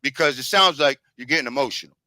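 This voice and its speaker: A man's voice: mid-range voice, quick pace, a crowd in the background, poor audio. A man making an emphatic, lecturing case in an online debate and talking over others. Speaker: debater presenting a historical argument.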